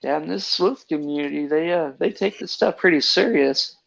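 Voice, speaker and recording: A man's voice: fairly high pitch, normal speed, creaky, highs cut off. A man hosting a podcast in casual chat, hesitant and full of fillers. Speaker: podcast host.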